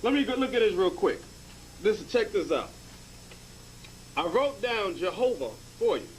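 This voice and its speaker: A man's voice: high voice, sing-song, measured pace, a little hiss or hum, poor audio. A man teaching in a lecture style, emphatic and checking in with the class by asking "okay?".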